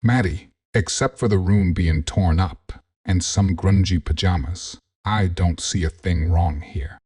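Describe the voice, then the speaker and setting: A man plays a gruff, protective Southern cousin with a Southern accent. The voice is very deep and husky, and he speaks slowly. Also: darkish tone.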